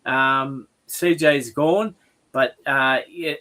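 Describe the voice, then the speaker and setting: A man's voice: mid-range voice, steady tone, drawn-out words, slight background noise. A man hosting a casual video call, encouraging and friendly toward his guest. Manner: warm, encouraging, calls guest brother. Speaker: host. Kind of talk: casual chat on an online call.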